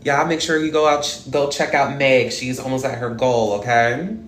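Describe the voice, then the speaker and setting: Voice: medium pitch, fairly even intonation, moderate pace, a little hiss or hum. A live stream host chatting casually and greeting viewers one by one in an upbeat way. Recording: echoey room with faint music.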